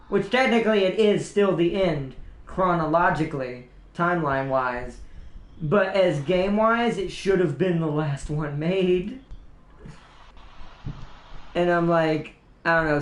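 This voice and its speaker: In a casual gaming chat, a male streamer with a high voice rambles along enthusiastically, laughing easily. The room he records in makes his voice echo, giving it a hollow, roomy ring.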